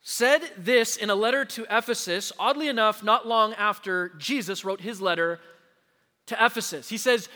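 High, bright-voiced preaching man. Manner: emphatic, slows down to stress key words; addresses the congregation directly. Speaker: pastor. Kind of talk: sermon. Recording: long hall reverb.

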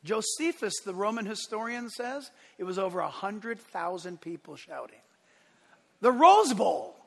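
A man pastor preaching a sermon in an animated, playful way, acting out voices with shouts and laughter. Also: sits high, unhurried, creaky. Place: church sanctuary. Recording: long church hall reverb.

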